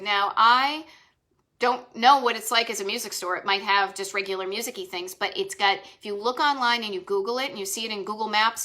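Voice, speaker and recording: In a fairly high, sharp voice, a Boston-accented woman keeps up casual chat on her retro travel live stream. She's enthusiastic and given to rambling asides.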